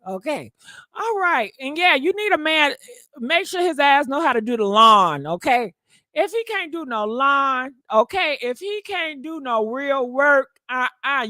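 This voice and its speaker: Sassy high-voiced woman gossip host. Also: bright, forceful tone, no echo, clean studio sound. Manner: sassy, talks straight to viewers, calls them honey. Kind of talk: casual livestream gossip chat.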